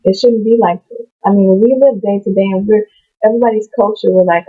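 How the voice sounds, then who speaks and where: A woman reads scripture and then drifts into loose, chatty commentary, often losing her thread and starting over. Her voice sits at a middle pitch. The sound is thin and tinny, like a phone line. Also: steady tone, fairly quick, breathy edge. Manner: rambling, digresses and restarts. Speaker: Bible-reading vlogger. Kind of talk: casual Bible reading and commentary.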